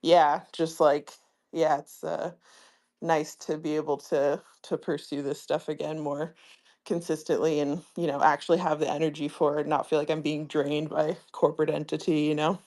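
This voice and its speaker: Low-voiced woman guest, laid back, rambly with lots of ums and likes. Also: moderate pace. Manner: relaxed, rambling, lots of fillers. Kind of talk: casual live-stream chat.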